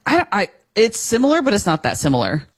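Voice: mid-range voice, wildly swooping pitch, fairly quick, slightly rough. Radio co-host chiming in. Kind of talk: casual on-air chat.

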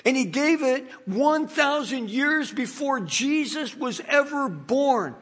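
A man preaching a sermon, animated and dramatizing the scripture passages he reads. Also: very high voice, slow pace.

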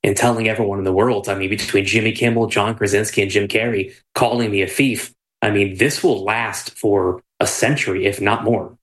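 A man's voice: fairly low pitch, fairly even intonation, brisk, few pauses, fairly bright tone. Guy guest on a radio show, easygoing, answers plainly. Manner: laughing, easygoing. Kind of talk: interview answers.

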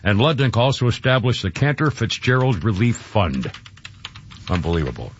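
A man's voice: mid-range voice, lively intonation, normal speed, highs cut off, slight background noise. Choked-up talk radio host, man. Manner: emotional, rambling with restarts and fillers.

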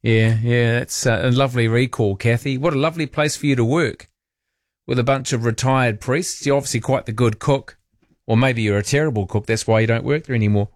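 A man's voice: mid-range voice, steady tone, a little fast, no room sound. Nz talkback guy, chatty and teasy, mid voice, dead dry studio sound. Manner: chatty, teasing, self-mocking. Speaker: radio talkback host. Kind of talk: casual talkback chat.

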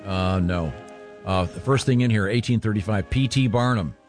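A man's voice: fairly low pitch, normal speed, soft background music. A man hosting a radio show, chatting casually and hesitating with fillers as he reads history notes. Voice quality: hesitant, filler-heavy delivery. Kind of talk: casual on-air banter.

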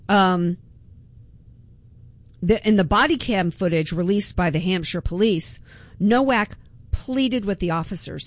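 A woman's voice: medium pitch, expressive, a little slow, long pauses, dry recording. A woman hosting a political talk radio show, delivering an impassioned, emphatic monologue with frequent restarts.

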